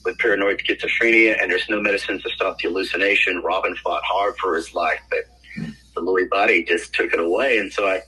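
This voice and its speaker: A man's voice: deep voice, fast, husky, poor audio. An older man, an actor guest on a podcast, telling stories in casual chat and acting out the voices of people he quotes. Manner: animated storyteller, acts out quoted voices. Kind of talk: casual podcast interview storytelling.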